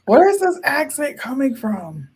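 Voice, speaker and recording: A woman co-hosting a casual political commentary chat, talking in a blunt, animated and teasing way. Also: sits high, measured pace, noisy background. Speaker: co-host.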